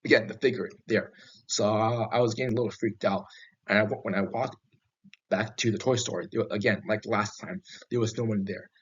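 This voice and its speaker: A man telling first-person horror stories in a halting way, restarting often, with a husky voice. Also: on the low side, fairly even intonation. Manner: halting, with frequent restarts and fillers. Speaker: horror story narrator. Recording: dull lo-fi recording.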